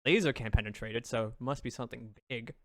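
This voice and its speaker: A man voicing a condescending human woman who lies badly and slowly on purpose. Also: mid-range voice, fairly bright tone, dry recording, clean studio sound, pitched below the performer's own voice, lightly acted. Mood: scheming. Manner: slow, deliberately bad lying. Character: human woman prisoner, bad liar, condescending.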